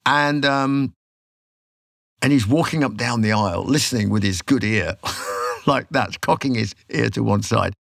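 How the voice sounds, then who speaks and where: A man, telling stories as a podcast guest in an animated, casual way. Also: mid-range voice, unhurried, creaky, dry recording, clean studio sound. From England. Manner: animated storyteller, acts out quotes. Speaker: podcast guest, rock singer. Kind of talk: casual storytelling.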